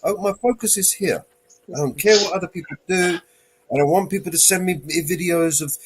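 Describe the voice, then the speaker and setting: Husky man ranting bluntly on a stream. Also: a little high, big pitch swings, fairly quick. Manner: keeps asking "right?" for agreement. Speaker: channel owner and stream host. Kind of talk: casual stream chat.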